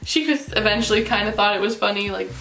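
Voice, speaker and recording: A young woman vlogger telling a story casually, animated and giggly, full of fillers. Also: mid-range voice, fast talker, gravelly. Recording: roomy with faint music.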